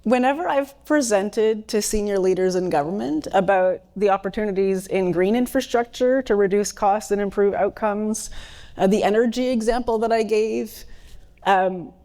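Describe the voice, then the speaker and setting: A woman's voice: medium pitch, unhurried, warm tone. A woman answering on a conference panel, earnest in manner. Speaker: panelist, engineer.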